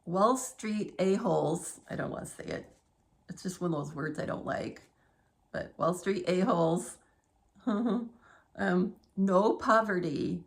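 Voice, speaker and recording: A woman's voice: fairly low pitch, a little slow, vocal fry. A middle-aged woman vlogging at home in a rambling, digressive monologue, laughing often as she talks.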